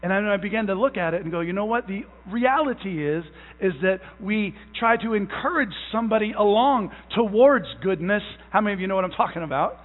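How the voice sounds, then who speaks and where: Young male pastor, emphatic sermon delivery, halting repeats, long church reverb. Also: sits high, expressive. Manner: emphatic, stretches out key words; repeats phrases, halting restarts. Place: church sanctuary. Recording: tinny phone-like sound in a long-echo hall.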